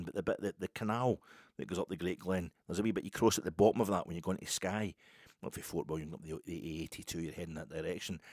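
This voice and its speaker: Scottish male podcast host, quick and rambling, slightly low, husky, dry close sound. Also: darkish tone, dry recording. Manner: rambling, chatty storytelling with many restarts. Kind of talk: casual podcast monologue.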